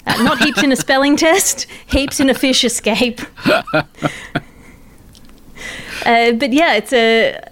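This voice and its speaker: A woman telling jokes in a comedy news chat, with dry, ironic asides. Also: on the high side. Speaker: comedian guest.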